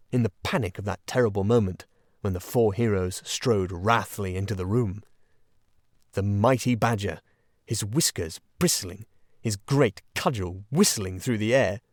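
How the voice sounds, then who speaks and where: Male audiobook narrator, low pitch, dry booth sound, expressive classic storytelling. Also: no room sound.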